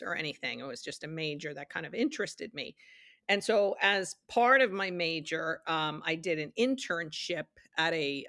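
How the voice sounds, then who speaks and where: A woman's voice: lowish voice, a bit bright, no echo. A middle-aged woman, a studio executive being interviewed, telling chatty career stories and acting out the dialogue in them. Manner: chatty, acts out quoted dialogue in her anecdotes. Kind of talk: casual storytelling interview.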